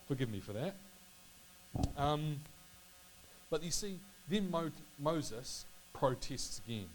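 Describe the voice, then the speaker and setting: Halting man musing on scripture, faint hum. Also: medium pitch, low-quality recording. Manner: halting, self-correcting, apologetic. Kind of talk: casual Bible reading and reflection. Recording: faint electrical hum and hiss.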